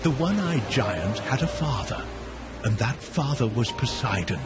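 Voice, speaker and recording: A male storyteller reads a myth in an expressive, emphatic way. His delivery is slow, and his pitch rises and falls widely. Clear music plays under his voice. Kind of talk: dramatic storytelling narration.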